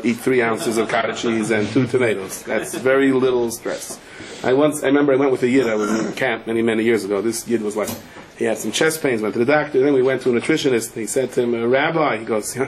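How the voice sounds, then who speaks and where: A middle-aged man, a rabbi, giving a humorous sermon full of anecdotes. He peppers his talk with Yiddish and Hebrew words and jumps high in pitch when he quotes people. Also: slight background noise, rough recording.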